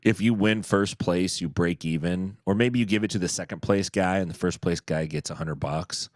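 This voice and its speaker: A man's voice: sits low, normal speed, no echo, studio quality. A man co-hosting a podcast in laid-back casual chat, chuckling as he talks. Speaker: podcast co-host.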